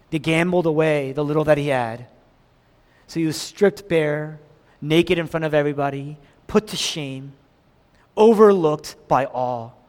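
A man preaches with a lively, swooping delivery in a slightly high voice. He pushes hard on key phrases, then drops to a hushed near-whisper. Long reverb from a large hall trails behind his words. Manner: dramatic, swings from loud emphasis to hushed near-whispers. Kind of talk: sermon.

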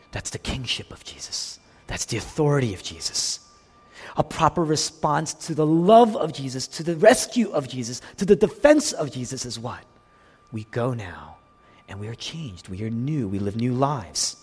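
A man preaching a sermon as pastor to his congregation, dropping to hushed whispers and then rising to loud, emphatic lines. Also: medium pitch, very animated, normal speed, breathy edge. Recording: long hall reverb.

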